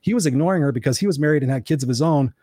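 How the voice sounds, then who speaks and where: Fast-talking husky man telling a personal story. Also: a little high, dark tone, no echo, clean studio sound. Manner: emotional, candid, rambling with restarts. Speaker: podcast host. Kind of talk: personal storytelling in casual talk.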